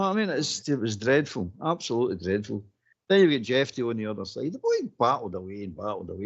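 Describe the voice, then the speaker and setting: On a football phone-in, a Scottish-accented male co-host with a mid-range, slightly rough voice runs down the players in exasperation. He repeats his words and laughs as he talks, and the audio is dull and lo-fi.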